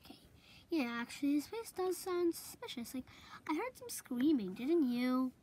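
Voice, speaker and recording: A woman's voice: high voice, sing-song, normal speed, darkish tone. A woman in an improvised home video skit, speaking hesitantly with lots of fillers.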